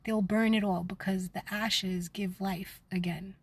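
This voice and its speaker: A middle-aged woman's medium-pitched, slightly rough voice carries fairly even intonation as she seethes through a raw spiritual vlog with no echo. She talks fast and intensely, swears, and occasionally whispers.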